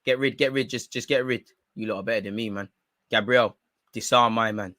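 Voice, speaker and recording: Male watchalong host, edgy bright tone, dry close sound, excitable, barks at players and the ref. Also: fairly low pitch, fairly quick, no room sound. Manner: excitable, swears, shouts at players and referee; talks while eating. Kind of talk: live match reaction commentary.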